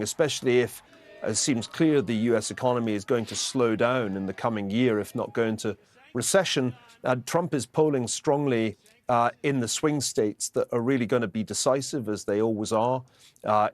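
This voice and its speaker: A male professor weighing political odds in a calm, measured, analytical way. His voice sits at an ordinary middle pitch for a man. The sound is dry, with no room echo. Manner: measured, analytical, hedged judgments. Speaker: professor and guest commentator.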